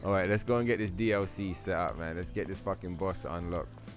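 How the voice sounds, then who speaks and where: A man's voice: deep voice, brisk, soft background music. A man hosting a game livestream, telling rambling, profanity-filled stories and chatting casually with viewers. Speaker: livestream host. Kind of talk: casual gameplay stream chat.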